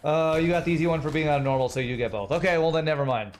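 A man streaming a game, joking casually and reading viewers' chat comments out loud. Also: a little high, racing, a little hiss or hum. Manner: jokey, reads chat aloud.

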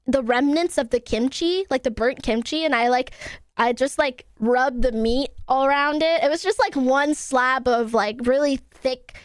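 A young woman streamer telling stories to her chat in an animated, swearing, laughing way. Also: sits high, moderate pace, no room sound, studio quality. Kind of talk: casual stream chat to viewers.

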